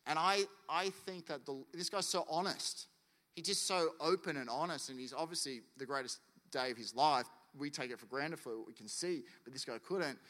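A man's voice: on the high side, normal speed, pushed and bright, long reverb tail. A man preaching a sermon as pastor, in a casual, conversational way that acts out quotes.

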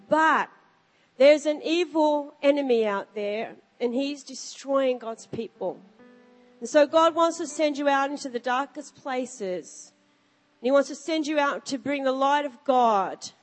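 A middle-aged woman pastor preaches from a church stage, her voice pitched a little high and lively as she tells stories and reads scripture. The sound carries a long hall reverb, with soft music underneath. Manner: emphatic, animated storytelling. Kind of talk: sermon with storytelling and scripture reading. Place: church stage before a live congregation.

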